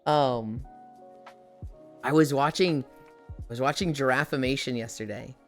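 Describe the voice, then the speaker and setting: A woman's voice: extremely low pitch, a little slow, faint music behind. A woman live-streaming in casual chat, telling stories animatedly with frequent swearing and laughter.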